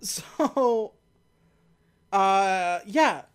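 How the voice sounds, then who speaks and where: A woman co-hosting a casual chat, retelling a film's plot and dropping into quick mock voices for the characters. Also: mid-range voice, lively intonation, clean tone. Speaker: podcast co-host recapping a film.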